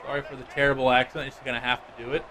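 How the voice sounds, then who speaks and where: A man streaming a football video game, giving casual, excitable play-by-play and chatting with viewers. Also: medium pitch, rapid-fire, a little hiss or hum. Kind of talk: live gameplay commentary.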